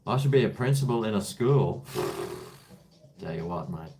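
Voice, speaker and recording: A man's voice: on the low side, animated, unhurried, noisy background. A man, chatting casually on his live stream, jokey and calling everyone mate.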